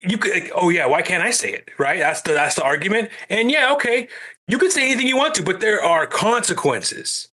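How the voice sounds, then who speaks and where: A man's voice: high voice, fairly quick. A man, a guest on a podcast, telling a story in casual conversation with lots of swearing. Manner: animated storytelling with frequent swearing.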